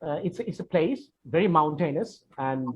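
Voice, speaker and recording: A man's voice: a little high, animated, moderate pace, slightly rough. A man leading an online question session for students, answering in a friendly, hesitant way with many fillers and restarts. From Bangladesh. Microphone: video call. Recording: dull lo-fi video call with faint noise.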